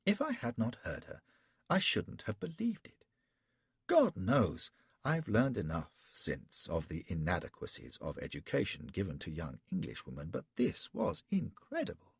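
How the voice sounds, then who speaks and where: A man's voice: deep voice, huge pitch swings, normal speed, creaky, husky, no echo. A man narrating an audiobook in the first person, in a wry, sardonic storytelling manner.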